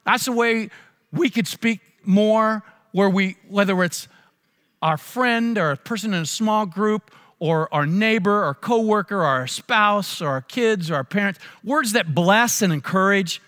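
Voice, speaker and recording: A male pastor delivers a sermon in a high, bright voice. He tells stories with animation and acts out the voices of people in them. Long reverb from a large hall trails his words. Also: unhurried.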